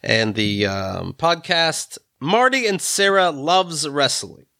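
A man's voice: expressive, slow pace, creaky, bright, forceful tone, no room sound, studio quality. A man hosting a podcast, chatting casually and teasing his guest in a playful way. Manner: playful, teasing, swings pitch a lot. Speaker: podcast host. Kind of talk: casual chat.

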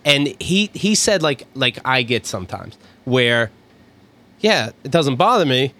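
A man hosting a comedy talk show, telling stories in a halting, deadpan way full of fillers. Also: mid-range voice. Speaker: podcast host. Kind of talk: casual comedic chat.

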